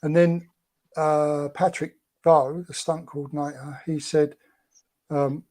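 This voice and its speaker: Male guest, fairly high mellow voice, rambling storyteller. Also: flat delivery, takes it slowly. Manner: chatty and rambling, with many fillers. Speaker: guest, former film extra. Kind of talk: casual anecdote telling.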